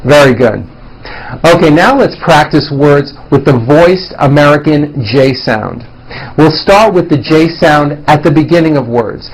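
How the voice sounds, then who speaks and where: A man teaching a pronunciation lesson, speaking carefully and demonstrating each sound clearly. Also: a little high, animated, measured pace, low-quality recording. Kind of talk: slow deliberate pronunciation lesson.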